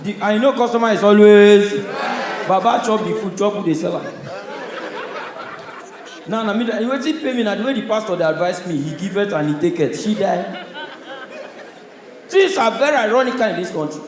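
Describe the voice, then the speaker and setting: A Nigerian man delivers stand-up comedy on stage, his voice sitting high and carrying loudly through the room. His stories come in punchy bursts, and a strong hall echo surrounds every line. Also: lively intonation, a little fast, a crowd in the background. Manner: loud, punchy storytelling with audience laughter. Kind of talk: stand-up comedy in Pidgin English. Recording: echoey live hall sound.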